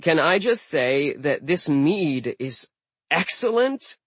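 A courteous young guest buying time with compliments, voiced by a male narrator who raises his pitch a little. The tone is husky and lively, for a storybook. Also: takes it slowly, no echo, heavily acted. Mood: flattering. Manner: polite, flattering. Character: smooth young male diner, polite and flattering.

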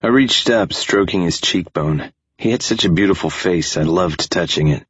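Deep husky male audiobook narrator. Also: normal speed, no echo, highs cut off. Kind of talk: first-person audiobook narration.

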